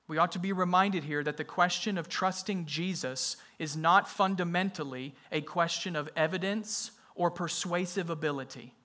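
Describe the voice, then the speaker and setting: A man's voice: fairly high pitch, sharp tone. A man preaching a sermon in an emphatic way, often repeating his key phrases for weight. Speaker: pastor.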